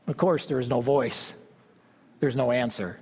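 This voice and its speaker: A male preacher delivering a fervent sermon, swinging between loud exclamations and low asides. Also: a little slow, husky. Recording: long hall reverb.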